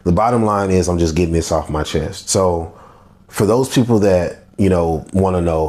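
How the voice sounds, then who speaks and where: A man with a Texan country accent talks to his podcast audience alone. His voice sits very low, and he speaks bluntly and frankly in a loose, rambling way. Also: moderate pace, a little mellow. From Texas, USA. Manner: candid and blunt, loose and conversational. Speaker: podcast host. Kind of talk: solo podcast monologue.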